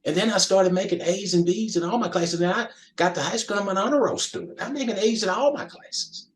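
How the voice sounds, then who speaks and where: A man's voice: high voice, a little fast. An older man, a podcast guest, telling an emotional story from his youth with emphatic restarts. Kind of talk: storytelling in an interview.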